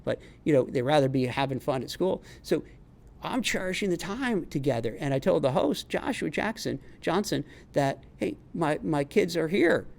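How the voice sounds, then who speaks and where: A man's voice: on the high side, animated, normal speed, vocal fry. A middle-aged man from New York with a New York accent, talking in a rambling, chatty way with many restarts in a casual homemade vlog. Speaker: career advice vlogger and recruiter.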